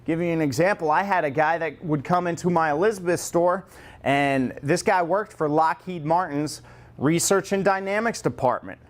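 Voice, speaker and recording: A man runs a customer-service training class, his voice sitting a little higher than most men's. He speaks lively and jokes with the group, slipping into quoted customer voices to make his point. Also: normal speed. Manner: lively, joking, acts out customer lines.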